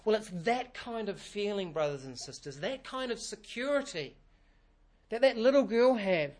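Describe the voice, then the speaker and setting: A man preaching a sermon in a church, earnest and repeating key phrases for emphasis. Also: high voice. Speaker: pastor.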